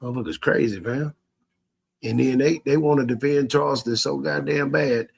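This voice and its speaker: A man's voice: medium pitch, moderate pace, gravelly, breathy edge. A man in a profane livestream rant, cursing heatedly and mocking his critics with bursts of laughter. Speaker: social media streamer.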